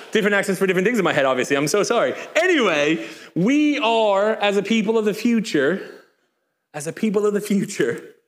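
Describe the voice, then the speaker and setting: High-pitched guy preaching to his church, upbeat, cracks jokes mid-sermon. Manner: lively, joking asides. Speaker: pastor. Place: church in front of a congregation.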